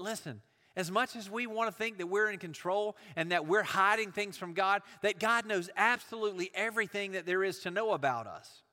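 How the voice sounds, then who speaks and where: A man's voice: fairly high pitch, sharp tone. Man preaching in a reverberant hall. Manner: earnest, building emphasis with repetition. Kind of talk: sermon.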